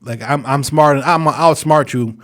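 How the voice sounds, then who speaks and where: A man's voice: on the high side, normal speed. Blunt, profane man ranting on a podcast. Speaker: podcast co-host. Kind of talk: casual chat.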